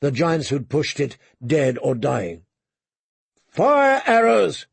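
A man narrating a dramatic audiobook, measured, sinking to hushed low tones for tension. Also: gravelly, slightly rough, no room sound.

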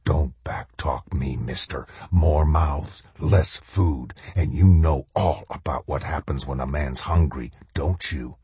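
A man's voice: a bass voice, slow, hardly any pauses, dark tone, husky, dry recording, exaggerated voice. A man voicing a menacing phantom soldier who speaks in a hissing, commanding whisper.

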